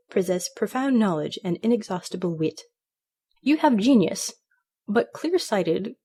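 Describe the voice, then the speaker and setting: A woman voicing a boastful male pet parrot, smug and witty, who drags out his catchphrase loudly. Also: on the low side.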